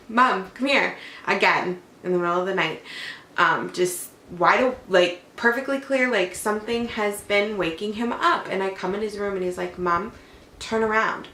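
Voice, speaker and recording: Chatty young mom in an echoey room. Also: female voice, medium pitch, fairly bright tone. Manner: chatty, rambling, heavy use of "like". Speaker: mother and vlogger. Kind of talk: casual chat, telling a personal story. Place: at home. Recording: echoey room, faint background hum.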